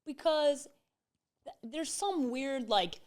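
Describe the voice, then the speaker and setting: Blunt, lively woman podcast co-host. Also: sits high, slow. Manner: blunt, opinionated, swears casually. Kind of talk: casual sports debate.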